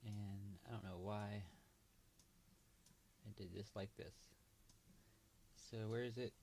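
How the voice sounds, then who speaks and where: A man's voice: fairly low pitch, steady tone, takes it slowly, vocal fry, darkish tone, slight background noise. A man hosting a casual livestream, thinking aloud with hesitant, trailing remarks as he marks up a chart. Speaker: livestream host.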